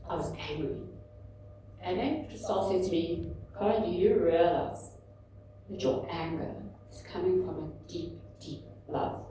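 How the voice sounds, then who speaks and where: Woman in her 50s talking at a book launch, lowish mellow voice, candid storytelling, echoey hall from a bit far off. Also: a little slow, slight background noise. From South Africa. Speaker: author and speaker. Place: large indoor event room. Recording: echoey hall, mic at a distance.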